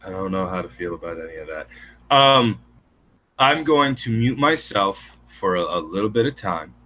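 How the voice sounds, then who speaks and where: Wry man with a bright, sharp voice. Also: sits low, expressive, normal speed. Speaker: co-host. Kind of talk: casual chat.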